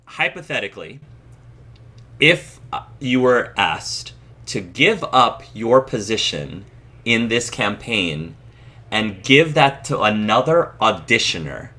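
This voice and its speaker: Low, bright-toned male interviewer. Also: very animated, slow pace. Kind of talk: casual interview.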